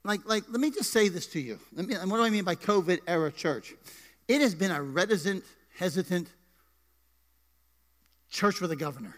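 High-voiced joking pastor in a hall. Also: male voice, lively intonation, normal speed, pauses often, fairly bright tone. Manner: playful, joking banter with the congregation. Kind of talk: sermon. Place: church sanctuary. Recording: live church hall reverb.

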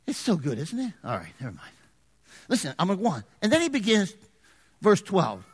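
High-voiced preaching man in a reverberant hall. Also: fairly quick, pauses often, husky. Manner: animated, jokey preaching with congregation banter. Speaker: pastor. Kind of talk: sermon. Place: church.

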